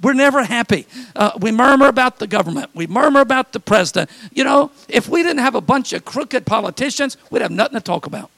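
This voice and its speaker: Male pastor, sermon delivery, high voice with gravel, dry close sound, mimics complainers. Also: expressive, a little fast, few pauses, fairly bright tone, no echo.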